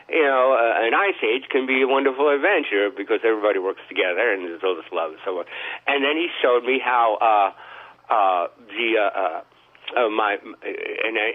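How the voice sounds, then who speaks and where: Guy rambling thru a story on a phone line, tinny, lots of uh and restarts. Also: mid-range voice. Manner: halting, many restarts and fillers. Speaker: podcast host.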